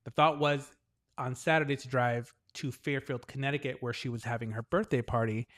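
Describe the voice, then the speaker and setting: A man in his forties co-hosting a podcast, chatting casually and telling stories with lively acted-out quotes. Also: medium pitch, a little fast. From New England, US. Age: 40s. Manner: animated storyteller who acts out the voices of others in his stories. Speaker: podcast co-host. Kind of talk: casual chat.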